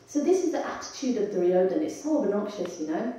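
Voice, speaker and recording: A woman's voice: on the high side, expressive, quick pace, hardly any pauses, warm tone, muffled recording. A woman giving a devotional scripture class in a conversational way, asking her audience questions as she goes. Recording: echoey temple hall, voice from far off.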